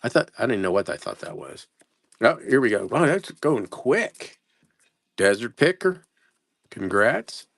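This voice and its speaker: A man's voice: medium pitch, sing-song, unhurried, gravelly, fairly bright tone, no echo. A man running a casual live sales stream, reading out place names and stumbling over how to say them, self-mocking. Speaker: live-stream postcard seller.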